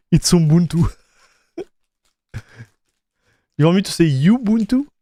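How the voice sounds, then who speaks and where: A man with a French accent chats casually on a live tech stream, taking his time and often trailing into fillers. His voice sits a bit high for a man. The sound is close and dry, with no room echo. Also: very animated, extremely slow, a little mellow. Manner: loose and chatty, with many fillers and repeated words. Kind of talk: casual livestream chat while installing software.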